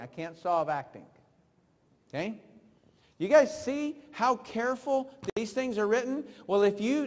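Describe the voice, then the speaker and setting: A male trainer with a high voice leads a live seminar, quizzing and coaching his audience through drills. His voice rings through a hall with a long reverb. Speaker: network marketing trainer. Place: large room with an audience.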